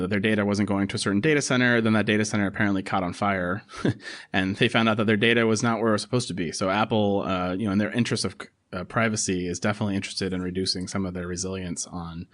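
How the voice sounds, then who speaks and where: A man's voice: on the low side, fairly bright tone. A man hosting a casual tech podcast, chatty and full of fillers. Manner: quick, chatty delivery with frequent fillers. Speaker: podcast host.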